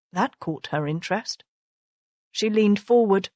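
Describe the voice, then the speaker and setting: Slow, measured woman audiobook narrator. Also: on the low side, dry recording. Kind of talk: scripted narration.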